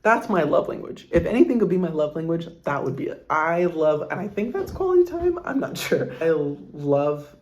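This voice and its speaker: A man's voice: fairly high pitch, sing-song, normal speed, hardly any pauses. A young man and father answering viewer questions in a casual vlog, earnest and heartfelt, rambling with lots of fillers. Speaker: vlogger and father.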